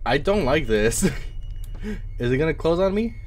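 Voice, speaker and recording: Excitable man doing game commentary. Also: on the high side, measured pace, noisy background. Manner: excitable, jumpy reactions with repeated exclamations. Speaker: gaming YouTuber. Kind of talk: let's play commentary. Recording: game music playing behind the voice.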